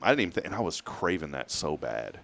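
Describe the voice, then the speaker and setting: A man's voice: a bass voice, very animated, fast talker, a bit bright, dry recording. A man hosting a morning talk show, rambling through stories and laughing often. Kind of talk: casual chat.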